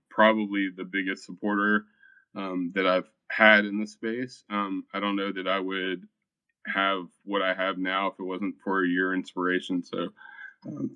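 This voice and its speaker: A shy, soft-spoken man who hesitates often and fills pauses with ums as he thanks the people around him in voice chat. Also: low-pitched, completely flat delivery, smooth, no echo, highs cut off. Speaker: featured artist. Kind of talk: casual voice-chat talk.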